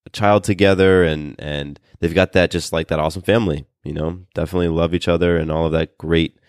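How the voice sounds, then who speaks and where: A man's voice: fairly even intonation, clean tone, dry recording, studio quality. A man co-hosting a podcast in casual, earnest chat, often restarting his sentences and reading a listener email aloud. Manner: earnest, speaks in halting restarts; calls his own voice bassy today. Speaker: podcast co-host.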